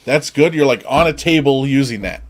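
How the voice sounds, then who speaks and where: Chill guy on a podcast, middle pitch, swears casually, just chatting. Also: normal speed. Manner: easygoing, swears casually, reminisces about old gadgets. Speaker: podcast co-host. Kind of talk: casual chat.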